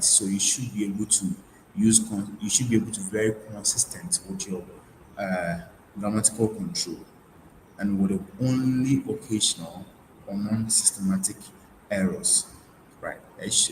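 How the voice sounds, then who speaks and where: Low-voiced man teaching a webinar. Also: roomy sound, slight background noise, poor audio. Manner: repeats key points, frequent fillers and restarts. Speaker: IELTS tutor. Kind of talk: webinar lecture.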